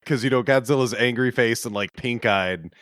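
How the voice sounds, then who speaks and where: A man in casual podcast chat about a movie, relaxed and a little hesitant, with many fillers. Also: mid-range voice, normal speed, dry recording, studio quality.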